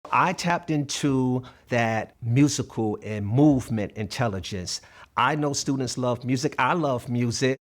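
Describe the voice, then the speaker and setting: A man's voice: mid-range voice, unhurried. A man in his fifties, a math coach, telling stories in an interview in an earnest way and acting out the dialogue. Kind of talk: interview storytelling.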